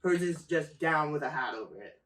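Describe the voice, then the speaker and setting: A young man with a voice on the high side talks a little fast, swapping work stories as a guest in casual chat. He swears often and laughs along, and the mic sits at a distance in an echoey room.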